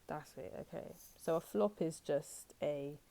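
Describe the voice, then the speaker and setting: A woman's voice: low-pitched, measured pace, gravelly, warm tone. A young woman giving a casual, blunt tarot reading to her viewers, acting out people's reactions as she goes. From United Kingdom. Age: young adult. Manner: chatty, blunt, acts out quoted reactions. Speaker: tarot reader.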